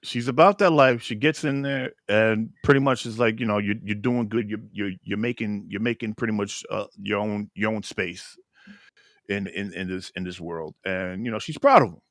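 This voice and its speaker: Recapping a TV episode on a podcast, this male co-host rambles casually, with many fillers and restarts. His lowish voice is a bit bright, with fairly even intonation at a moderate pace, recorded dry at studio quality.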